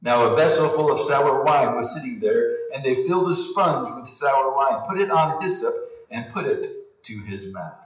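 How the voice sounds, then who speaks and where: A man preaching a sermon as pastor, earnest, rising for emphasis and dropping to hushed low passages. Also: animated, moderate pace. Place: church sanctuary. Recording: roomy, distant, dull sound.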